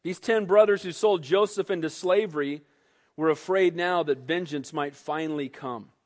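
A man preaching a sermon, animated, who acts out quoted voices and calls for amens. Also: a little high, moderate pace. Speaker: pastor. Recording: long hall reverb.

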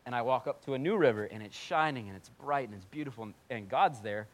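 A man preaching a sermon as pastor, telling his story in a swinging voice that drops to a hush and rises to near-yelling. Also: mid-range voice, expressive, quick pace.

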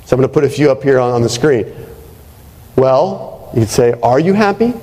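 A man's voice: mid-range voice, fairly even intonation, normal speed, dark tone. A male pastor preaching a sermon in a conversational way, often checking in with "right?". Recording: reverberant hall.

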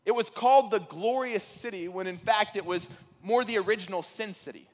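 A man preaching a sermon, telling stories in an animated way that rises to excited peaks. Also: sits high, fairly quick, big-room sound. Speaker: pastor.

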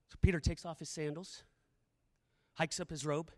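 A man preaching a sermon as a campus missionary, swinging from hushed storytelling to shouted prayer. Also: fairly high pitch, fairly even intonation, normal speed. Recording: long reverb of a large hall.

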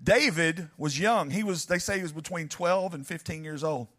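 With a fairly high voice at normal speed, a male preacher gives an animated, dramatic sermon. He addresses his congregation directly, building up until he is nearly shouting.

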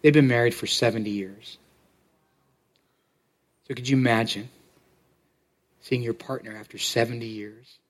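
A man preaching a sermon as pastor to his congregation, talking in a halting way and often repeating words as he tells a story. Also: mid-range voice, steady tone. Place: church sanctuary.

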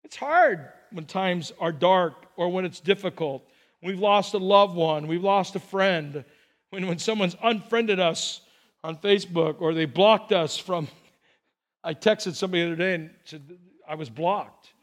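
Brief: high-pitched male pastor, chatty sermon delivery, rhetorical questions to the congregation. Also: measured pace. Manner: conversational preaching with rhetorical questions. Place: church sanctuary.

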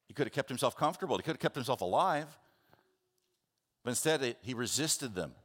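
A man preaching a sermon, telling the scripture story with animated, conversational delivery and acting out the characters' words. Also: medium pitch, quick pace. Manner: animated storytelling, acts out biblical voices; conversational, with restarts and asides. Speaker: pastor.

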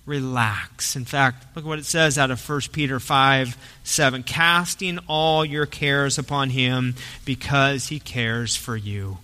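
A man preaching a sermon as pastor, swinging from soft, quiet stretches to forceful, punchy emphasis. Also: medium pitch. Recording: long hall reverb.

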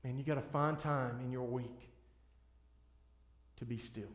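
Speaking at a measured pace in a mid-range, steady voice, a man delivers a sermon as pastor. He's earnest and pleading, often restarting sentences, and the church sanctuary echoes.

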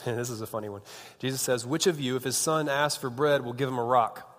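A man's voice: mid-range voice, fairly quick, fairly bright tone. A man in his thirties giving a casual, joking sermon as a youth pastor, chatty and often breaking off mid-sentence. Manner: chatty, joking, self-interrupting. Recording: long reverb of a large hall.

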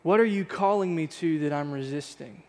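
Pastor, a man in his thirties, with a fairly high voice and an earnest, searching sermon delivery in a church hall with long reverb. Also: moderate pace, darkish tone. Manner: earnest, reflective, repeating rhetorical questions. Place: church sanctuary.

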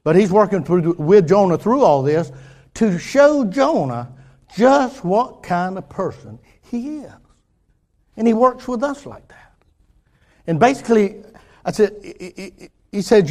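An older man preaching a folksy sermon, restarting phrases and swinging from quiet asides to louder points. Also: high-pitched, big pitch swings, a little slow.

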